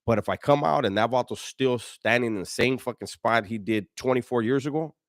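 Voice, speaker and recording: A man's voice: medium pitch, fairly quick, no echo, studio quality. A middle-aged man hosting a casual livestream, telling stories and answering viewers in profane street slang with many restarts. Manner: profane, slang-heavy storytelling, frequent restarts. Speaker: livestream host. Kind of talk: casual livestream chat reading viewer donations and comments.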